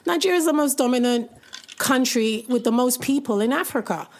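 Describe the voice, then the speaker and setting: A woman hosts a podcast with a Jamaican accent. She talks casually and expressively, acting out other people's words. Her voice sits a little high for a woman. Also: a little fast. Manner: expressive, acting out quoted speech. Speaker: podcast host. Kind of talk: casual chat.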